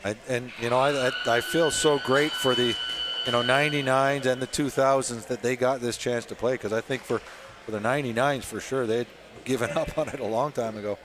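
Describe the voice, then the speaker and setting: A man doing color commentary, excitable and stammering through restarts. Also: medium pitch, a little fast. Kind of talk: live sports commentary. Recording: loud arena crowd and noise.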